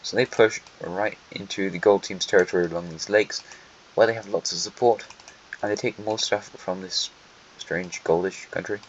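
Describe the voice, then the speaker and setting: A man's voice: sits low, fairly even intonation, moderate pace. A man narrating an alternate history map in a casual, wry way, with dry joking asides that talk straight to the countries. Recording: lo-fi with faint hiss.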